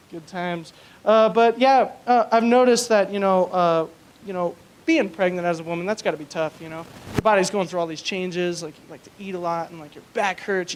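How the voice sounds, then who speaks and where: A man's voice: high voice, slight background noise. A young man doing a stand-up comedy set in a small club. He tells crude, rambling stories and fills them with likes and you-knows. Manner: crude, rambling storytelling with many fillers.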